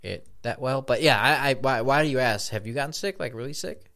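Foul-mouthed young podcast co-host. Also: male voice, mid-range voice, brisk, pushed and bright. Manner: loose, swears a lot, trails off. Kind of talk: casual podcast chat.

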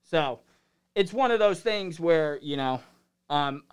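A man's voice: a little high, expressive, slow pace, smooth. A man telling his story in casual chat, rambling and loose.

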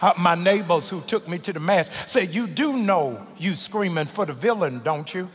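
A male pastor preaching a sermon, moving from measured teaching with frequent "uh" fillers to shouted, climactic preaching. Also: high-pitched, animated. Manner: frequent "uh" fillers and "here it is" asides. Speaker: senior pastor. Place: large church sanctuary. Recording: church hall reverb with music behind.

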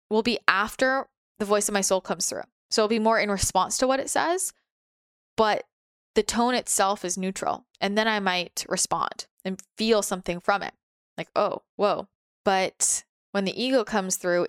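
A woman speaks as a spiritual teacher, her voice smooth and resonant. She talks gently and soothingly, sometimes acting out her inner voices. The sound is dry and close, with no room echo. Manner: gentle, soothing, occasionally voices her ego in a higher pitch. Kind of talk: guided spiritual talk.

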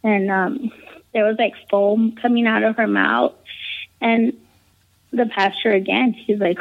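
A woman's voice: medium pitch, fairly even intonation, a little slow, gravelly, long pauses. A woman casually telling a personal story, rambling with lots of "um", "like" and "you know". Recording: tinny phone-like line.

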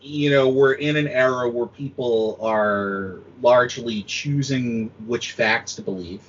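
A man, a film critic guesting on a podcast, talking in animated, sweary casual chat and mocking others in quoted voices. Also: medium pitch, a little slow, husky. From United States. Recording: dull lo-fi audio.

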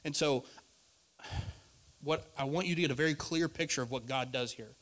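A male pastor preaching a sermon in a conversational way, rising to loud emphasis and dropping to quiet asides. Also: mid-range voice, normal speed.

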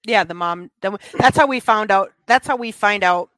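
A woman's voice: mid-range voice, normal speed, fairly bright tone, no room sound. A woman co-hosting a podcast, chatty and teasing, laughing often as she talks about a movie. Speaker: podcast co-host. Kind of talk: casual movie discussion.

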